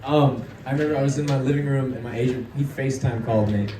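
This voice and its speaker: A man moderating a convention panel with lively, playful banter. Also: mid-range voice, fast. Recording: echoey hall, distant mic, loud crowd.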